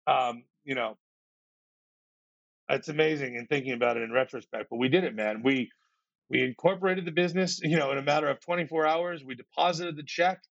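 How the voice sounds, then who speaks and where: A man guest on a podcast, telling an animated story in casual speech, acting out other people's lines and tripping over repeated words when excited. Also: medium pitch, fairly quick, no echo. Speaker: podcast guest, startup founder. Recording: slightly muffled, dry.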